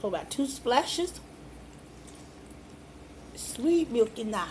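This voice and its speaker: A woman's voice: a little high, very animated, slow pace, pauses often, background noise. A woman in her home kitchen demonstrating a recipe, chatting playfully and folksily with her viewers. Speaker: home cook. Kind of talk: cooking demonstration.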